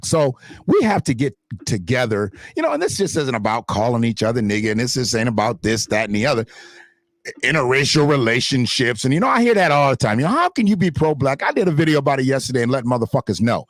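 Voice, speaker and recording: A man's voice: mid-range voice, big pitch swings, fast talker, no room sound. Fiery, profane man ranting on a livestream. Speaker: livestream host. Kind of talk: heated unscripted livestream rant. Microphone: desktop streaming mic in front of a green screen.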